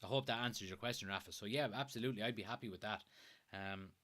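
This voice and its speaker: A young Irish man from Kilkenny hosts a live stream and talks through viewer comments in loose, easygoing chat. His voice is bright and forward. He drops the odd curse and laughs easily between points. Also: fairly low pitch, fast. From Ireland. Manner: chatty, swears casually, laughs easily. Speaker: host of a fan live stream.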